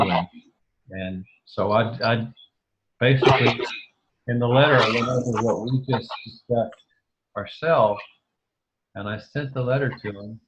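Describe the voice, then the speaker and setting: A man's voice: on the low side, highs cut off, background noise. A man being interviewed over a video call, speaking hesitantly with many restarts and fillers. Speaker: interview guest.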